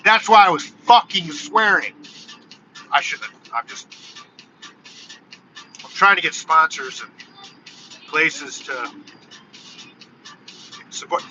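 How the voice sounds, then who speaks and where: A man in his forties talking casually in a live vlog from his car, telling stories in an animated, ranting way. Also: sits high, unhurried, long pauses. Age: 40s. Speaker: vlogger. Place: in a car on the road. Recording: dull lo-fi car recording with music. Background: techno music playing.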